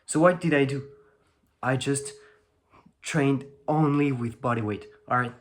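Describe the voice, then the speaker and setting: A man's voice: medium pitch, measured pace. Teen French guy rambling in English. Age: teens. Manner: rambling, many fillers and restarts. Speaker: fitness vlogger. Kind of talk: casual talk to camera.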